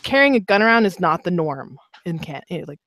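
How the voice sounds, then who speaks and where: A woman's voice: on the low side, sing-song, brisk, fairly bright tone, no echo. A woman co-hosting a casual podcast chat, telling stories candidly with frequent restarts and laughs. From Canada. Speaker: podcast co-host, motorcycle rider.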